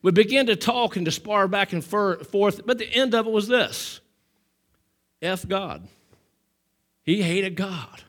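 A man preaching a sermon to his church, telling a story with emphasis and calling for amens, swinging between loud and hushed. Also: sits high, lively intonation, unhurried, long pauses. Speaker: pastor.

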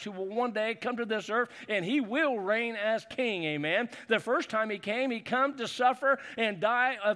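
Male pastor, high-pitched, fervent sermon delivery with call-and-response. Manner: preachy call-and-response, building to shouts.

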